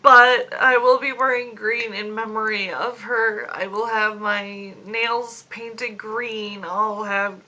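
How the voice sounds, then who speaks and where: A woman in her late twenties speaking a personal video diary into a phone, grieving, slow and halting, fighting back tears. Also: fairly high pitch, level tone, bright, forceful tone, muffled recording. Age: 20s. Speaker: vlogger. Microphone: phone camera.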